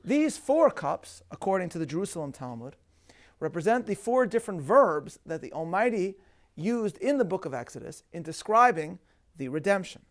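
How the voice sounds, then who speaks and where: A rabbi giving a measured, emphatic scripted lecture on a religious festival, with Hebrew terms woven in. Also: male voice, high voice.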